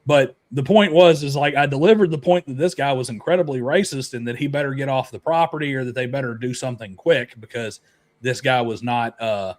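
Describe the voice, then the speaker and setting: A man's voice: medium pitch, a little fast. A man hosting a podcast, chatty and opinionated, laughing easily. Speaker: podcast host. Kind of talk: casual podcast chat.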